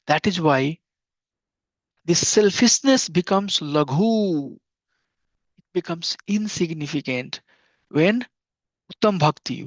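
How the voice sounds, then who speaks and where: Middle-aged male teacher, earnest, gravelly, dull dry lo-fi recording. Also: fairly high pitch, no echo. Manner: earnest, repeats phrases, chuckles. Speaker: spiritual teacher. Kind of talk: devotional class lecture.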